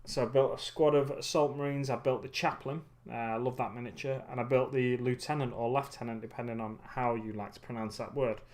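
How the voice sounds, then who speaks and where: A man in a mid-pitched, ordinary voice chats casually as he works on models. He rambles and muses aloud, trailing off and correcting himself, and sounds a bit tired. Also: steady tone, fairly quick, hardly any pauses, a little mellow. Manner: rambling and musing, many ums and self-corrections. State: getting tired. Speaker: hobby livestream host. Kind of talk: casual chat while building miniatures.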